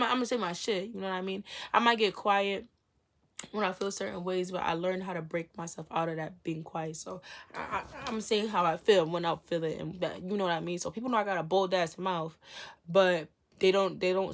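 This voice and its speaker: A young woman talking frankly to camera about self-respect, slangy and blunt, swearing freely and acting out her own inner dialogue. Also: on the low side. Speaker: vlogger. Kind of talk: candid self-help talk to camera.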